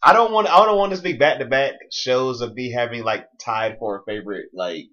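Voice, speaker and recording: A man co-hosting a casual music review chat, animated and slangy, often talking over his co-host. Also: mid-range voice, fairly quick, muffled recording.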